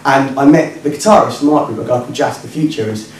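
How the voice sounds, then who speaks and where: A man telling a true story live to an audience, self-mocking and animated, laughing at himself. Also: medium pitch, fast talker, a little hiss or hum. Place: working men's club stage. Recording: echoey club from far off, crowd.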